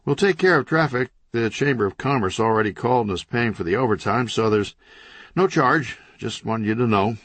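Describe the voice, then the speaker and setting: A man voicing an upbeat male police officer with a brisk, friendly manner, pitched up from his own voice. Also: animated, fairly bright tone, no room sound.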